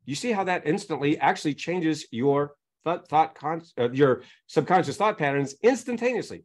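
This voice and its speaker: A man's voice: on the high side, lively intonation, a little fast, hardly any pauses. A man speaking as a coaching guest on a podcast, explaining his method through examples and constantly checking in with his listeners. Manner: teaches through examples, keeps checking in with "right?".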